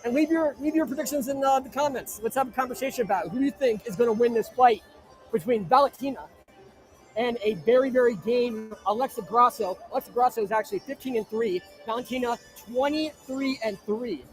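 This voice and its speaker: A man from New Jersey hosting a live stream, rattling off viewer shout-outs with brash, crude jokes from inside an arena. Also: very high-pitched, fairly quick, faint music behind. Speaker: livestream host. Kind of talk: live-stream chat reading viewer comments.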